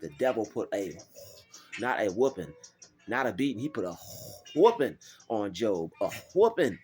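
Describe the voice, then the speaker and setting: A man giving a faith-based motivational talk, preachy and animated, acting out doubters in mocking voices. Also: fairly low pitch, normal speed, husky, faint music behind. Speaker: motivational vlogger.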